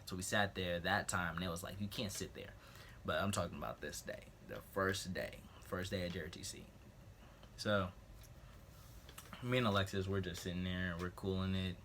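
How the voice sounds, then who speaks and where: Teen male vlogger with a low, forceful voice, loose and rambling as he tells a school story. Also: fairly even intonation, moderate pace, slight background noise. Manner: rambling, jokey asides, clears throat often. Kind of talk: casual storytelling.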